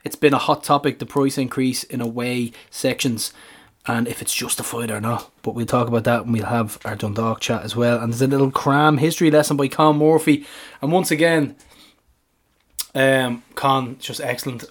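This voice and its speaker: A man's voice: medium pitch, steady tone, normal speed. A man co-hosting a podcast in a laid-back, jokey, rambling chat. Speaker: podcast co-host. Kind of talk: casual chat.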